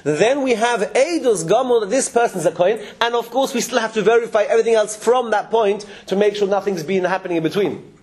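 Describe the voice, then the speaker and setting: A man giving a religious lecture to a live class, animated and chuckling, often restarting his sentences. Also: high voice. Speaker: religious teacher. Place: classroom with listeners.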